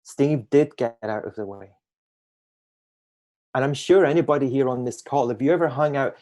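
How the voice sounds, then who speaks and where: A man shares reflective spiritual thoughts on a video call, at a middle pitch. His delivery is gentle and musing. He often draws out key phrases slowly for emphasis. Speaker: guest speaker on a group call.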